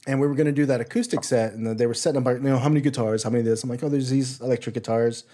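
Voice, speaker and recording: A man's voice: mid-range voice, steady tone, rapid-fire, warm tone. A man hosting a podcast who tells stories in a chatty way about playing music. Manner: chatty storyteller, acts out quotes. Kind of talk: casual podcast chat.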